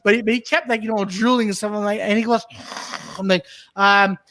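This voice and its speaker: A man's voice: high voice, a little fast, no echo. A man co-hosting a casual comedy podcast, telling a story and acting out the people in it. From Montreal. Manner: animated storyteller, acts out quotes. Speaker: podcast co-host.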